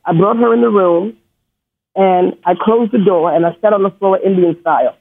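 Brief: high, husky man phoning in from New York, stutters, rambles emotionally, tinny phone line. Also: moderate pace. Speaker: caller. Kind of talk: call-in storytelling.

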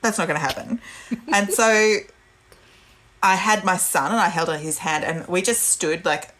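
Woman, 30s, low gentle voice, calm explainer on a parenting chat. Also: unhurried. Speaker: parenting podcast guest. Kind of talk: casual chat.

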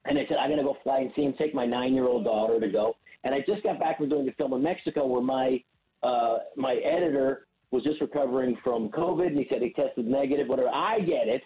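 A man's voice: mid-range voice, fast talker, phone-quality sound. A man on a podcast as a guest, telling a rambling story with stammering restarts. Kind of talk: casual storytelling.

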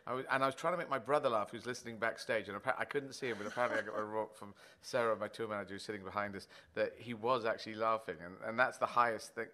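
A man, telling stories in an interview in a rambling, animated way with many restarts. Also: lowish voice, rapid-fire, few pauses. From Britain. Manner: animated storyteller, rambling with restarts and playful language switches. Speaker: guest. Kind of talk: conversational interview.

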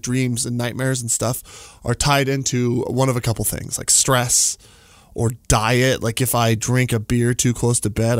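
A man's voice: mid-range voice, no echo. A man, telling a story casually in a studio, with lots of fillers and laughter. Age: 40s.

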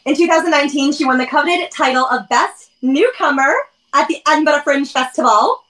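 A woman's voice: sits high, brisk, a bit bright, poor audio. A woman host chatting casually with a guest on a live stream, effusive and giggly. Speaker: podcast host.

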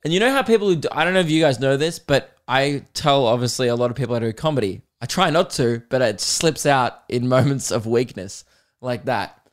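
A young Australian man tells a long pub story on his comedy podcast, loose and chatty. He keeps acting out the other people with quick put-on voices, swears casually and laughs at his own lines. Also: mid-range voice. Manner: animated, acts out quoted voices, swears freely, laughs mid-story.

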